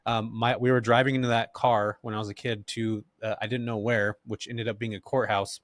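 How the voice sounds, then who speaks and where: A man's voice: fairly low pitch, brisk, dry recording, clean studio sound. Laid-back Californian man telling stories. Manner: laid-back, slangy, animated, laughs often. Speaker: podcast guest. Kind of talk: casual interview storytelling.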